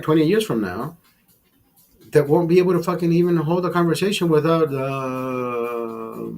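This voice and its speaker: A man's voice: mid-range voice, a little mellow. A man hosting a casual live chat over beers, rambling and swearing freely as he tells stories. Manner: rambling, profane, calls listener brother. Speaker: livestream host.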